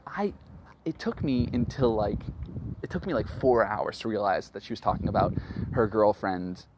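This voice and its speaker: A man's voice: fairly low pitch, normal speed. A man hosting a podcast, recounting his week in a rambling, self-deprecating casual monologue. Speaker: podcast host. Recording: noisy background hiss.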